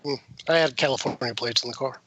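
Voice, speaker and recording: A man's voice: mid-range voice, fast talker, slight background noise. A man, a guest on a podcast, telling a long story in a casual way, laughing as he goes and acting out the people he quotes. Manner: animated, laughs while telling, acts out quoted voices. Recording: slightly muffled dry podcast recording.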